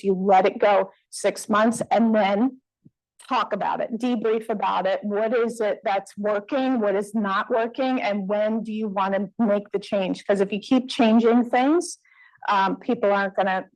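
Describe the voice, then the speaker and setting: A woman's voice: mid-range voice, darkish tone, poor audio. A woman presenter answering audience questions at a conference in a conversational way, with fillers and restarts. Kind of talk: Q&A after a talk. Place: conference room.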